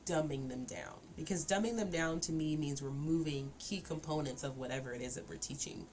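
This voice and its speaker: A woman's voice: low-pitched, brisk, darkish tone, slight background noise. A woman hosting a casual livestream chat, explaining points conversationally and laughing along. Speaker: streamer host.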